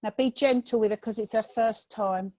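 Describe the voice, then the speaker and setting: A woman's voice: fairly high pitch, fairly even intonation, moderate pace, darkish tone, no room sound, poor audio. A woman giving a mediumship demonstration over a video call, chatty and reassuring as she relays messages. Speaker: spiritualist medium.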